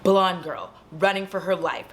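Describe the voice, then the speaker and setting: Animated woman recapping a horror film. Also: fairly low pitch, unhurried, a little hiss or hum. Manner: animated, acts out scenes and screams. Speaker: horror movie vlogger. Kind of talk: casual movie recap. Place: at home.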